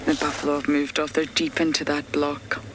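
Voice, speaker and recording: A woman safari guide giving live game drive commentary, often dropping to a hushed whisper and laughing often. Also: sits low, level tone, a little fast. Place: outdoors in the bush, in a vehicle. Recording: outdoor bush noise behind.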